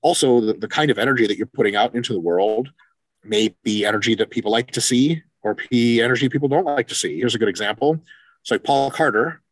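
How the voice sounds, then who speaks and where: Man, casual podcast chat, fast and animated, dry close sound, swears a lot. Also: medium pitch, no room sound. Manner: animated, swears freely, acts out quoted exchanges. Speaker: podcast co-host, coach.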